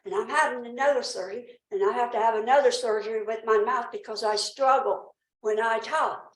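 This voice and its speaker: A woman's voice: a little high, a little fast, roomy sound, rough recording. A woman with a Southern accent addressing a town council, talking in a nervous, rambling way and struggling a little with her speech. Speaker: resident speaking at public comment. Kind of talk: emotional personal account. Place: town council meeting room.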